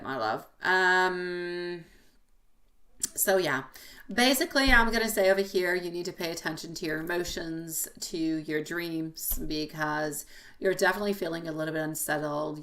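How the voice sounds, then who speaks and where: A woman with a slightly low but bright, ringing voice reads tarot on a live stream. She chats in a rambling way, laughs often and calls her viewers sweetie and my love. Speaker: tarot reader.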